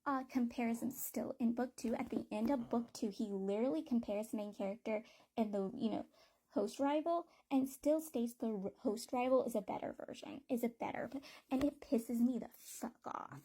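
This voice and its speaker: A woman's voice: on the high side, moderate pace, mellow, breathy edge. A woman giving a casual book review, talking bluntly and with plenty of swearing and exasperation.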